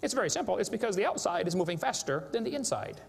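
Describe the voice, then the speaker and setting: In an echoey hall with faint noise behind him, a creationist lecturer works a live audience, joking and pressing his points hard. His voice sits high and is fast, with big pitch swings, creakiness and a breathy edge.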